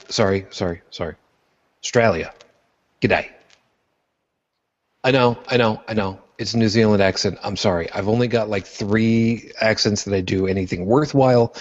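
A man hosting a podcast in casual chat, joking and self-deprecating as he rambles. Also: low voice. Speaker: podcast host. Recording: dull lo-fi podcast audio.

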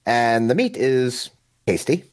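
A man co-hosting a casual podcast panel chat, telling a story in a lively way. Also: medium pitch, slow pace. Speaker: podcast co-host.

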